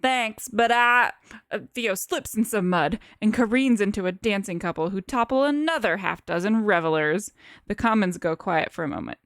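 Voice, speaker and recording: A woman's voice: medium pitch, lively intonation, fairly quick, no room sound, clean studio sound. A woman co-player on a live stream, reading story text and chatting playfully.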